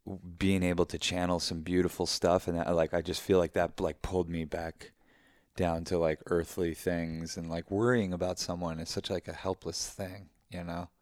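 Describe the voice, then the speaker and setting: A man's voice: low-pitched, little pitch movement, normal speed, a little mellow, no room sound, studio quality. A man in a casual, heartfelt conversation who talks emphatically and effusively, swearing freely and speaking in spiritual terms.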